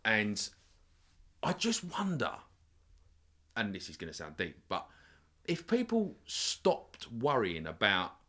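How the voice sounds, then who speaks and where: A man chats as a podcast guest in a lowish voice. His intonation swings widely as he tells frank, sweary anecdotes. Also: wildly swooping pitch, slow, pauses often, sharp tone. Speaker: podcast guest, business owner. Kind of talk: casual chat.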